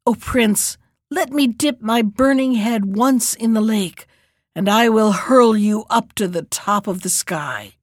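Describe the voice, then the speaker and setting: A woman's voice: on the high side, takes it slowly, no echo, clean studio sound. A woman voicing a weary male dragon who gasps and pleads in a storybook reading. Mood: gasping plea. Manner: gasping, pleading.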